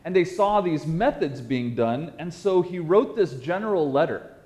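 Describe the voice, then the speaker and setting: A man preaching in a storytelling style, animated and self-mocking, often repeating words for effect. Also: fairly high pitch, moderate pace. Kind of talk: storytelling sermon.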